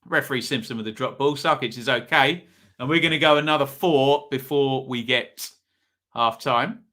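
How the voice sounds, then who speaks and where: A man's voice: mid-range voice, moderate pace, bright, forceful tone. A man with an East Anglian accent hosting a live football watch-along, giving chatty running commentary and reacting to viewers in the chat.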